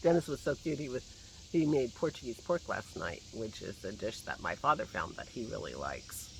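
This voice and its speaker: A man's voice: lowish voice, lively intonation, normal speed, creaky, fairly bright tone, a little hiss or hum. A man with a slight lingering cough, rambling casually while filming himself on a phone out in his garden. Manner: rambling, chatty, laughs to himself. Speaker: vlogger. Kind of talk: casual chat. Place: outdoors in a garden. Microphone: phone held at arm's length.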